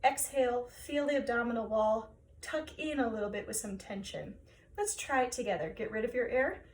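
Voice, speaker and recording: A woman choir director guiding singers through breathing and vocal warm-up exercises, encouraging them step by step. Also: on the high side, moderate pace, recorded from a distance, slight background noise.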